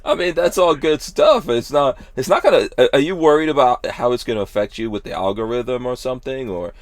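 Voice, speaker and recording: A man's voice: mid-range voice, expressive, a little fast, dry recording. A man hosting a podcast in casual chat, rambling along with lots of hedges and restarts. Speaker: podcast host.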